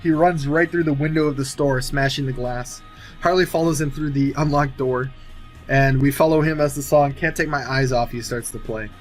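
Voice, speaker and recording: Rambling man pitching a film plot. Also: steady tone, moderate pace, faint music behind. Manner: rambling, thinking aloud with many fillers and restarts. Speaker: movie sequel writer. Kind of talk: casual pitch-style narration of an imagined film.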